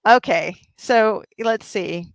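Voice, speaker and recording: A woman's voice: medium pitch, slow, no echo. A woman hosting a livestream, chatting casually and upbeat with her viewers. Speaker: livestream host.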